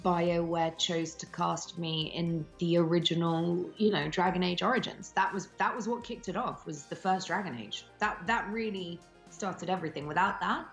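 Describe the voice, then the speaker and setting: A woman's voice: lowish voice, moderate pace, gravelly, few pauses, faint music behind. A woman in her thirties, an actress talking candidly in an interview, frank and swearing freely between ums. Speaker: actress and voice actor guest.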